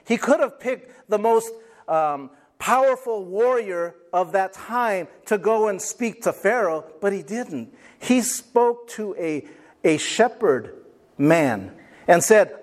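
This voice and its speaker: Male pastor with a high voice, animated, dramatizes quoted voices while preaching. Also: takes it slowly. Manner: call and response with congregation. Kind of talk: sermon.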